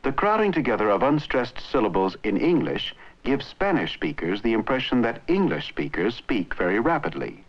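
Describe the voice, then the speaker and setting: A man giving measured, scripted narration for an old educational film on language. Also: mid-range voice, sing-song. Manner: measured, explanatory. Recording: dull lo-fi old film soundtrack.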